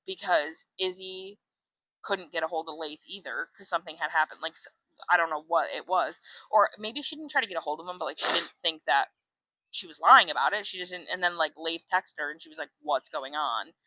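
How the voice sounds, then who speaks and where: A woman's voice: on the low side, brisk, dry recording, rough recording. A woman co-hosting a podcast, retelling a book plot in casual chat, acting out the characters' lines and swearing freely. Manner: animated storyteller, acts out quotes, swears freely. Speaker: podcast co-host.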